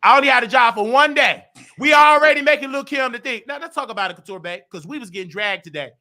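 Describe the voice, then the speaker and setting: A brash, high-voiced man hosts loud gossip commentary, trash-talking at a rapid clip and shouting often.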